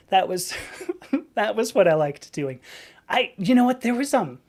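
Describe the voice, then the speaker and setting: A woman's voice: medium pitch, animated, measured pace, pauses often, a little mellow. A woman hosting a live stream, chatting casually in a rambling way and laughing often.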